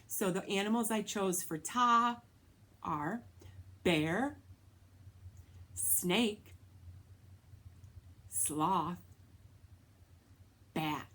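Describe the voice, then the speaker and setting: A woman's voice: mid-range voice, fairly bright tone. Patient woman music teacher. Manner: patient, clear explaining, speaking rhythm syllables aloud. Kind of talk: recorded online lesson for children.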